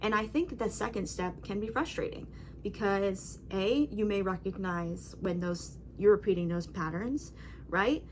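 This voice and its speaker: A woman vlogging from home in a casual, rambling talk straight to camera, speaking at a middling pitch. She stays emphatic and keeps checking in with her viewers. There is a faint hiss behind her voice. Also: measured pace, darkish tone. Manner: emphatic, rambling, frequent "right?" and "you know". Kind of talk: casual talking-head monologue.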